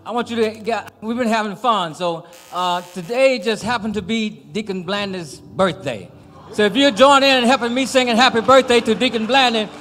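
A man closing a church devotion with relaxed, hesitant remarks. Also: high-pitched. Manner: casual and relaxed, hesitant fillers. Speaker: deacon leading devotion. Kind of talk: church announcements. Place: large church sanctuary. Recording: reverberant hall.

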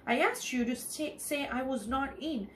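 A woman's voice: high voice, unhurried, fairly bright tone, echoey room, a little hiss or hum. A woman reading aloud, voicing a fussy, easily flustered male mouse who edits a newspaper in a children's storybook. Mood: exasperated. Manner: fretful, exasperated.

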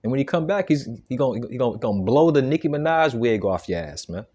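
A man's voice: mid-range voice, lively intonation, fast, darkish tone. A man giving an informal sermon, emphatic and stammering, tagging nearly every phrase with "man" and "okay". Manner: stammering restarts, repeated words. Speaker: preacher.

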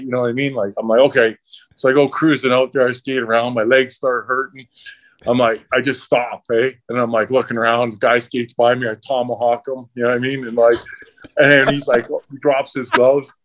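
A middle-aged man, a podcast guest, telling profane, animated stories about his hockey days in a casual way. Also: medium pitch, fairly quick. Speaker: podcast guest, former pro hockey enforcer. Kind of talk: casual storytelling.

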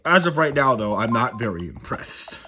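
Animated goofy young man narrating gameplay. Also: medium pitch, moderate pace, music in the background. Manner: goofy, rambling, self-mocking. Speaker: channel creator playing a life sim game. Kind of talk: casual gameplay commentary.

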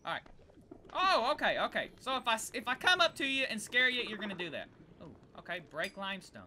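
A young woman in casual let's-play commentary, excitable and gasping, chattering to the creatures she meets. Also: on the high side, fairly quick, a little hiss or hum. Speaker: gameplay video creator.

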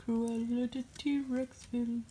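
A woman's voice: fairly high pitch, level tone, takes it slowly, mellow, slight background noise. A woman joking around in a casual home chat as a vlogger. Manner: playful and joking.

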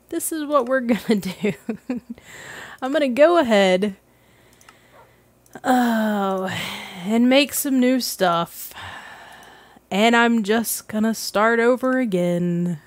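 A woman's voice: a little high, dry recording. A woman hosting a gaming let's play, chatting casually and self-deprecatingly as she plays, laughing often. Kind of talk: casual gameplay commentary.

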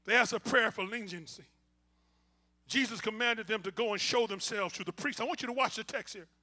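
A male pastor preaching a call-and-response sermon, swinging from quiet asides to shouting and talking to the congregation informally. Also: sits high, a little fast. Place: church.

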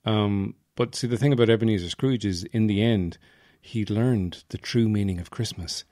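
Low-voiced Irish man rambling wryly. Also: mellow, no room sound, clean studio sound. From Ireland, Offaly. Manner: rambling, wry, self-mocking. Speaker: podcast host. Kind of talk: casual comic monologue.

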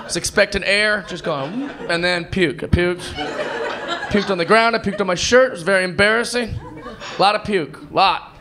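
A man in his thirties doing energetic stand-up comedy on a club stage with a handheld mic, often acting out other people in voices. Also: high-pitched, normal speed. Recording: live club recording with crowd laughter. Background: audience laughter.

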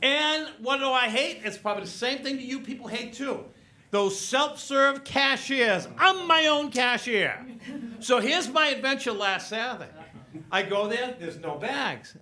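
An older man performing a stand-up comedy set, telling stories and acting out each person's lines in quick back-and-forth. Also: extremely high pitch. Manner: animated storytelling, acts out family members in quick back-and-forth. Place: comedy stage.

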